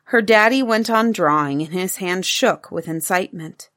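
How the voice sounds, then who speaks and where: A woman reading a children's storybook aloud in a lively, expressive way. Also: fairly low pitch, normal speed.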